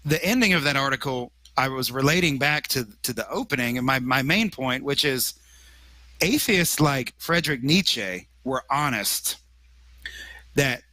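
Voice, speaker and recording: A man's voice: medium pitch, lively intonation, measured pace, sharp tone, no echo, rough recording. A man speaking as an interview guest, earnest and emphatic, often restarting his sentences. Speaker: magazine editor and guest. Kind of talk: conversational interview.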